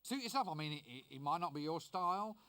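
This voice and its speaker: Put-upon young wizard in a game, wry and chatty, voice swinging up and down. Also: male voice, on the high side, lively intonation, pushed and bright, clean tone, dry recording, studio quality. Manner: wry, chatty, quick retorts. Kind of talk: video game voice acting.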